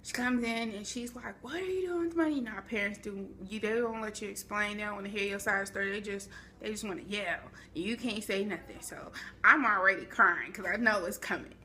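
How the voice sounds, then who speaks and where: A young woman vlogging a storytime, animated and chatty with dramatic asides, speaking to a camera at home. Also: mid-range voice, a little fast. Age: young adult. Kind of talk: storytime vlog.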